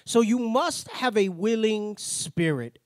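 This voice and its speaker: Guy running a bible class, kinda high voice, chatty, slangy asides, dry room. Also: expressive, slow pace, dry recording. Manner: tags nearly every point with "right?"; plain-spoken, slangy asides. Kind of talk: conversational Bible class lecture.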